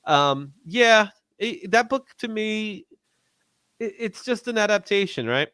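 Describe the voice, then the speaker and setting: Lively, bright-voiced male host. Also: high-pitched, slow pace, clear, resonant tone, no echo. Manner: animated, laughs often. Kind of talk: casual livestream chat.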